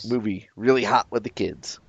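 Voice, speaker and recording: A man's voice: lowish voice, normal speed, gravelly, husky, no room sound. A man co-hosting a casual podcast, rambling hesitantly with lots of fillers. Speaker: podcast co-host. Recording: dull, dry lo-fi audio.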